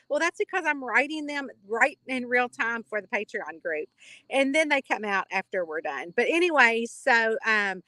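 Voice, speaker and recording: A bubbly woman with a Kentucky twang hosts a casual live chat with her readers, talking in long, rambling stretches. Her voice sits a bit high and sounds bright and sharp. It is recorded close and dry. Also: lively intonation, normal speed, no room sound. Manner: chatty, rambling, bubbly, reads out viewer comments.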